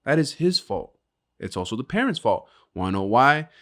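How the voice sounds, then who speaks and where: A man's voice: mid-range voice, big pitch swings, normal speed, a bit bright. A young man co-hosting a casual podcast, talking brashly and profanely, laughing and acting out little scenes. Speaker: podcast co-host.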